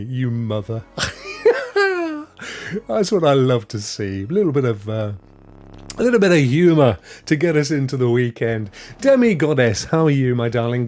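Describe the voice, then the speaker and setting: A man's voice: medium pitch, darkish tone. A middle-aged man hosting a live stream, chatting and greeting viewers by name. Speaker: host. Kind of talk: live-stream chat reading viewer comments.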